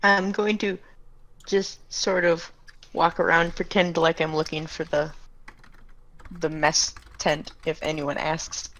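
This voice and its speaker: A woman playing a tabletop game, thinking out loud as she plans her move. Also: low-pitched, flat delivery, takes it slowly. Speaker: player.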